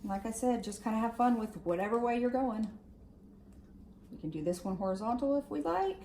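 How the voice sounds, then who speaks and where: A woman's voice: on the high side, expressive, brisk, dark tone, reverberant, slight background noise. A woman stylist walking viewers through curling a wig in a casual, chatty way, full of "like" and "okay". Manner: chatty, lots of fillers like "like" and "okay". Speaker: hair stylist demonstrating on a wig. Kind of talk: casual tutorial talk.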